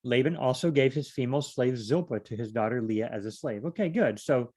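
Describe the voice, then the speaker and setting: This man, who vlogs Bible study, reads passages aloud before offering casual commentary full of digressions, chatty asides, and restarted sentences. He speaks a little fast, with a middle pitch and a darkish tone.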